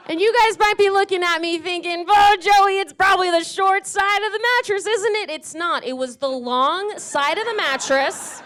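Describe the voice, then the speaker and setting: A woman comedian doing a stand-up set in a comedy club, delivering dark punchlines deadpan and teasing the crowd. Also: fairly high pitch.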